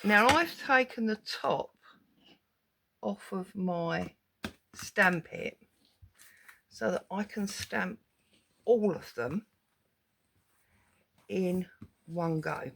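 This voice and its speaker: A woman hosting a casual crafting vlog, giddy and excitable, chattering to herself at her craft desk as she unboxes a parcel. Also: medium pitch, extremely slow, creaky, long pauses, a little hiss or hum. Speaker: crafting channel host.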